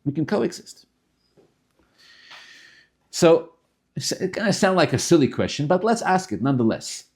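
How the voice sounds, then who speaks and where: Man, Tanya class teacher, animated, repeats and restarts phrases, lively pitch. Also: a little fast, husky. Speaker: Torah teacher.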